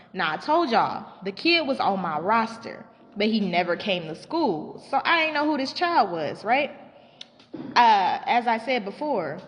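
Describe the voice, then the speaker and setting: A woman's voice: mid-range voice, big-room sound. A woman casually telling a story about her school job, swearing freely and acting out the people she quotes. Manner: animated, profane, acts out quotes.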